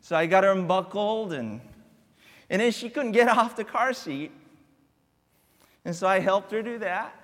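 A man preaching a sermon as a guest pastor in a church, telling a family story with drawn-out, deliberate repetitions. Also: high voice, lively intonation, fairly bright tone, long reverb tail. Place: church sanctuary.

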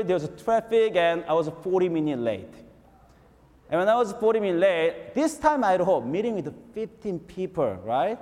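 High-voiced pastor preaching in a reverberant hall. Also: male voice, normal speed. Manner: animated, repetitive storytelling with frequent rhetorical "right?". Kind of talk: storytelling sermon. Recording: long reverb in a large hall.

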